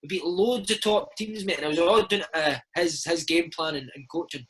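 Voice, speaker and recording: A Scottish man in his thirties, a former footballer telling stories in a casual interview, animated and peppering his talk with "mate". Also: fairly high pitch, normal speed, breathy edge, poor audio. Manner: animated, chatty, keeps saying mate. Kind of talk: casual storytelling chat.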